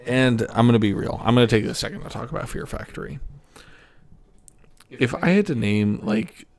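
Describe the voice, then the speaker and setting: A man's voice: medium pitch, animated, normal speed, gravelly, a little mellow. A young man co-hosting a casual podcast, tipsy and joking, swearing and laughing often as he reviews albums. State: tipsy from drinking soju. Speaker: podcast co-host.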